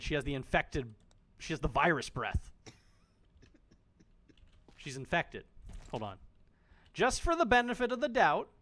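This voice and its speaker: A man's voice: on the high side, fairly bright tone. A man streaming a game, chatting casually, joking, swearing freely and talking straight to the characters on screen. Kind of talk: casual gameplay commentary.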